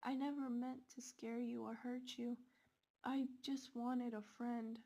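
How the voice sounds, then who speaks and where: A woman voicing the ghost of a murdered man, sad at first then sinister, spoken in a slow, hushed way. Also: on the high side, little pitch movement. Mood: pleading.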